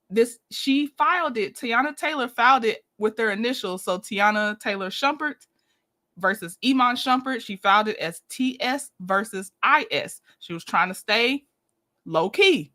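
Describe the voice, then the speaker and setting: A woman's voice: on the high side, bright, forceful tone. A woman hosting a casual livestream, chatting and greeting viewers by name, laughing often, then reading through documents. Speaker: livestream host.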